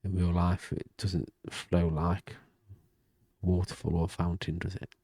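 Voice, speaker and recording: A man talking quietly and rambling in a casual diary vlog at home, often half-whispering. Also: sits low, flat delivery, a little slow, slightly rough, no room sound. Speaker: vlogger. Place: home room with thin walls. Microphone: desk mic and webcam.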